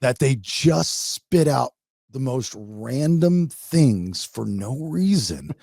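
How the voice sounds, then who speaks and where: A man's voice: mid-range voice, takes it slowly, vocal fry, slightly rough, no echo, clean studio sound. A man hosting a podcast, telling a funny story in a casual, rambling way. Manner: rambling, animated, acts out his wife in quotes. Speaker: podcast host.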